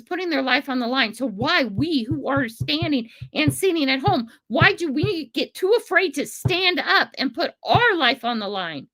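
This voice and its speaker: An older woman hosting a casual livestream in a high-set, bright, sharp voice. Her pitch swings widely as she gets emphatic and impassioned. She rambles between points and laughs often. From Pacific Northwest of the USA. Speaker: livestream host.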